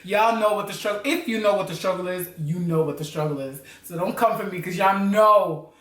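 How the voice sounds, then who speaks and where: A woman from Africa with an American accent, telling a story in a casual, slangy, animated way and laughing often. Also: medium pitch, a little fast. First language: Criollo. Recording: roomy, mic at a distance.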